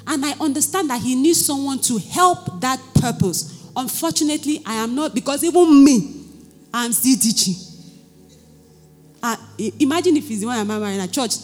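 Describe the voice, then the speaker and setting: A woman's voice: sits high, husky. Nigerian woman preaching in a hall. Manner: storytelling, animated, asks the audience questions. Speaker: pastor. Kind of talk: sermon. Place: church hall. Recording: church hall reverb, faint music.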